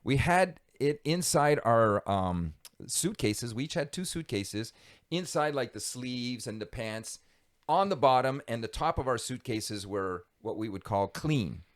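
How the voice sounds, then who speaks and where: A man's voice: mid-range voice, measured pace. A man telling a tale from his past as a podcast guest, his voice rising and falling with real animation. He laughs easily and leans into the dramatic beats. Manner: animated, lively storyteller who laughs easily. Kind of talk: conversational storytelling.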